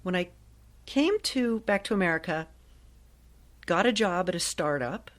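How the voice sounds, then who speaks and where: A woman in her sixties from Ohio, a guest telling stories in a chatty, lively way with frequent laughs. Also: fairly low pitch, a little slow. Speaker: guest, actress and voiceover artist. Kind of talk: casual interview storytelling.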